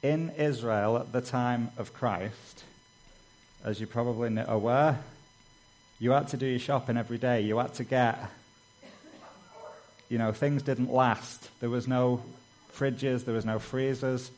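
A man's voice: medium pitch, steady tone, unhurried, darkish tone, poor audio. A man preaching a sermon in a conversational way, dropping in "you know" asides and acting out stories in a raised voice. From Britain. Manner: acts out quoted dialogue with raised voice.

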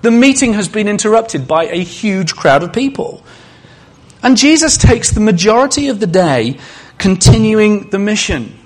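Man, preacher, chatty sermon, questions to the congregation, slightly raised pitch, husky tone. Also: big pitch swings, moderate pace. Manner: conversational, asks the congregation questions with humorous asides.

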